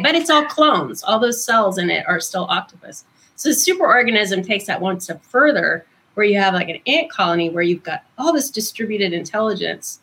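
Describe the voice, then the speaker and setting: A woman guest author explaining ideas in conversation, thoughtful and unhurried, with frequent ums. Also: medium pitch, fairly bright tone, slightly rough, rough recording.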